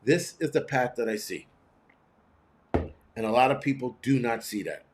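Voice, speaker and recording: A man hosting his own show, telling a story in a blunt, profane, animated way. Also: mid-range voice, normal speed, slight background noise. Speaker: host. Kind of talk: casual storytelling monologue.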